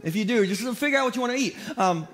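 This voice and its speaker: High-voiced, joking pastor. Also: male voice, very fast, slight background noise. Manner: comedic storytelling, animated, self-deprecating. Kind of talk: sermon. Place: church.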